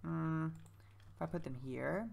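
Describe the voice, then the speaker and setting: A woman's voice: sits low, takes it slowly, darkish tone. A woman giving casual gameplay commentary as a let's-play creator, thinking aloud in a chatty, self-mocking way. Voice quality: gravelly voice.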